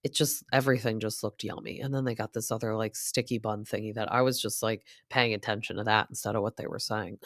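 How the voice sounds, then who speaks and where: A woman's voice: a bass voice, fairly even intonation, brisk, fairly bright tone, no room sound, clean studio sound. A woman in her thirties giving a chatty, gossipy recap of a reality show, full of asides and quoted lines. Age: 30s. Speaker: podcast host.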